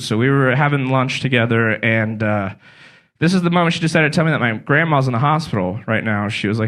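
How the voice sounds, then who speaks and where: Stand-up comic, man in his twenties, from California, deadpan storyteller. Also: medium pitch, fast. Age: 20s. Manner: deadpan storytelling with acted-out quotes. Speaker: stand-up comedian. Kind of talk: stand-up set. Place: small comedy venue with a live audience.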